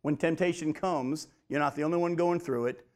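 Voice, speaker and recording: Middle-aged male pastor, slightly high voice, emphatic sermon delivery. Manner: emphatic preaching, slows for key points, addresses folks directly.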